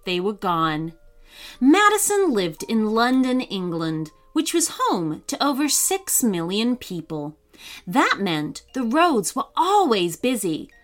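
A woman telling a bedtime-style children's story, her voice rising and falling with lots of expression. She reads slowly and a little high, with faint music playing underneath. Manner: expressive, sing-song. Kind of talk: scripted narration of a children's story.

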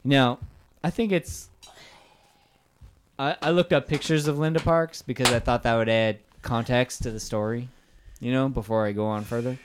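A man's voice: medium pitch, steady tone, moderate pace, slight background noise. Man, podcast host, casual and joking, home studio, clicks in background. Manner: joking, laughs often, swears freely. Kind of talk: casual late-night podcast chat.

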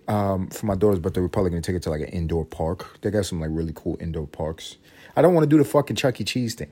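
Profane husky man venting about parenting. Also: low-pitched, fast talker. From New York. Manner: profane, animated, exasperated. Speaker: podcast host. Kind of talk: casual storytelling monologue.

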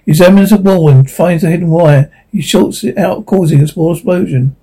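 A man reads stage directions from a drama script, plain and matter-of-fact. His voice is high and slightly husky. The tone is dark and mellow. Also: fairly quick, poor audio. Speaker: narrator. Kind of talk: reading a drama script aloud.

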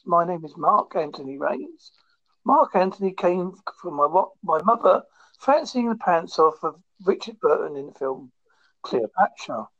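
Lively Essex-Devon man on a phone podcast. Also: high-pitched, no room sound. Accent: mixed Essex and Devon English. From Essex, England. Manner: chatty and teasing, deliberately slow. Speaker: podcast host. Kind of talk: casual podcast chat. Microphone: phone held close. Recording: dry, dull lo-fi phone audio.

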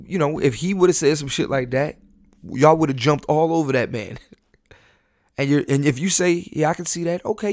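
Male podcast host, gravelly, dry close sound, loose profane rambling with lots of restarts. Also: a little high, no echo. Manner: animated, repetitive restarts, profane, laughs at himself. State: high on an edible. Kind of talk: solo casual podcast rant.

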